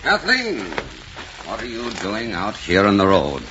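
A stern older uncle, formal and commanding, as him in a 1940s radio drama. His low voice swings widely as he lays down the law. The old broadcast sounds dull, with a faint hiss. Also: wildly swooping pitch, measured pace, pushed and bright, heavily acted.

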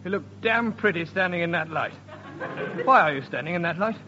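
A man's voice: sits high, lively intonation, fairly quick, bright, forceful tone, a little hiss or hum. A man announcing and playing parts in a radio sketch comedy show, in a playful announcer manner. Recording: dull old radio recording.

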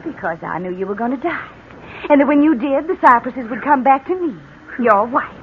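A woman's voice: high-pitched, lively intonation, a little fast. An actress playing a cold, vengeful young wife who taunts her husband in theatrical 1940s radio style. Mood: gloating, vengeful. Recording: tinny lo-fi old radio recording with hiss.

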